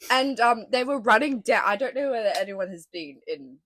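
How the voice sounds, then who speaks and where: Young Australian woman, podcast co-host, animated storyteller, very lively pitch, dry close mic. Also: a little fast, no room sound. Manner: animated storytelling with laughs and swearing. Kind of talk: casual chat.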